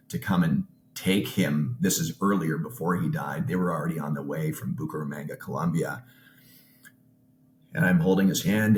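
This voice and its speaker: A man telling an emotional personal story as a podcast guest, earnest and halting with frequent restarts. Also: rumbling low, a little mellow, reverberant, a little hiss or hum. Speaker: podcast guest, business owner.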